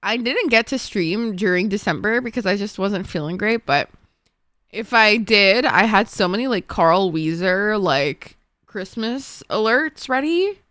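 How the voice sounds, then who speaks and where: A young woman streamer chatting casually with viewers, excitable and swearing, laughing often. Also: medium pitch, measured pace, no room sound. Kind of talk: casual gaming stream chat.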